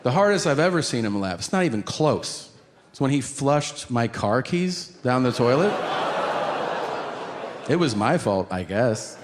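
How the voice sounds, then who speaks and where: A middle-aged man doing stand-up comedy, telling a story in an animated, profane way and acting out his own shouts, on a club stage mic. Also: mid-range voice, unhurried. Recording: live club recording with audience noise.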